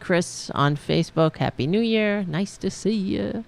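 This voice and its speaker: A woman hosting a live-streamed show, chatting in a rambling, halting way, laughing and thanking viewers. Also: mid-range voice, vocal fry. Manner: rambling, halting, laughs often, talks to her cats. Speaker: podcast host reading viewer comments. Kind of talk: casual live-stream chat.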